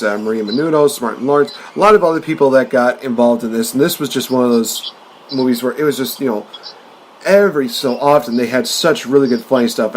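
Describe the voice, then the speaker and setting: A man with an average-pitched voice talks in a loose, rambling way, full of fillers and quick bursts of laughter. There is a faint hiss under the recording. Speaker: podcast host. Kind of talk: casual chat about movies.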